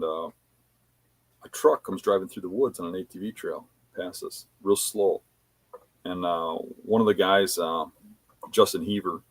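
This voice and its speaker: A man's voice: low-pitched, no room sound. A man, a podcast guest telling hunting stories in a laid-back, rambling way full of fillers. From Wisconsin. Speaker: podcast guest, bear hunter. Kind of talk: casual anecdotal storytelling.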